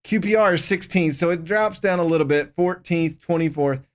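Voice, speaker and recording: A man with a somewhat high voice talks at a moderate pace while streaming a football management game. He chats casually, reading the game's prompts aloud and reacting to them as he plays.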